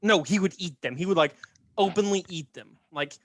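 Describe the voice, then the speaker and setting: A man's voice: high voice, normal speed, a bit bright, dry recording. A man casually telling a story on a podcast, chatty and laughing, often checking in with "right?". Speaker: podcast host.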